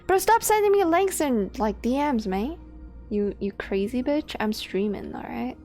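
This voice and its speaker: A woman's voice: a little high, lively intonation, unhurried, a little mellow. A young woman streaming a game, chatting casually, rambling, swearing and laughing as she greets her chat. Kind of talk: casual live-stream chat while gaming. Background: faint game music.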